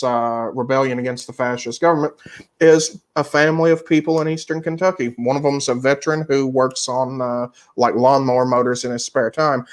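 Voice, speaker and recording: A man co-hosting a podcast, recommending books and films in casual chat with an emphatic, profane manner. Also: medium pitch. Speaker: podcast co-host.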